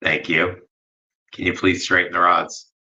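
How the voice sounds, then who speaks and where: A man running a ghost-hunting session with dowsing rods, making slow, polite requests with long pauses and turning soft-spoken when emotional. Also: low-pitched, completely flat delivery, highs cut off. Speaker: ghost hunter. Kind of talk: dowsing-rod spirit session.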